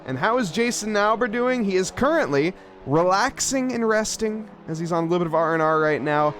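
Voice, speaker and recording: A male sim racing commentator with a somewhat high-set voice. He calls the running order in live play-by-play and keeps slipping into banter with the audience. A faint background noise sits under his voice. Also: lively intonation, fairly quick, fairly bright tone. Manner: joking, bantering with chat.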